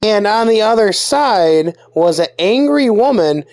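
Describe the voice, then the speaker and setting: A young adult vlogger telling a casual story-time tale, animated, with lively jumps in pitch. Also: measured pace.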